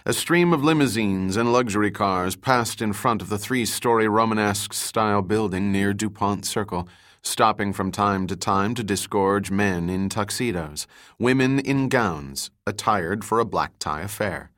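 Low-voiced male audiobook narrator. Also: a bit bright. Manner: measured, descriptive reading.

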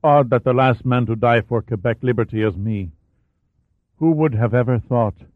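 A man's voice: medium pitch, normal speed, dry recording, lightly acted. A man doing a dying man, weak and strained. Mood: faint, resigned. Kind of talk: audiobook character voice. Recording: dry, tinny phone-like sound.

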